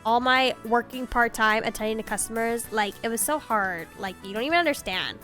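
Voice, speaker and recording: A chatty young woman streaming a game, rambling along and filling her talk with "like." Her voice is a bit high, and faint game music plays underneath. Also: a little fast, pushed and bright. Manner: chatty, rambling, uses "like" constantly. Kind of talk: casual gameplay commentary.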